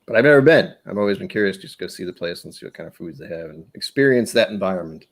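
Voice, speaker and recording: A man with a slightly low voice talks casually on a live stream. He rambles loosely, often stopping to hunt for the right word before pressing on. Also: animated, very fast. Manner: rambling, searching for words.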